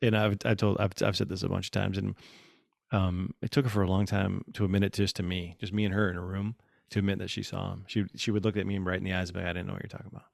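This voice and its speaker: A man chatting casually on a podcast, telling animated stories and acting out what people said. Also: deep voice, quick pace, creaky, no echo, studio quality. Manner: animated storyteller, acts out quotes. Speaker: podcast guest. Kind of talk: casual chat.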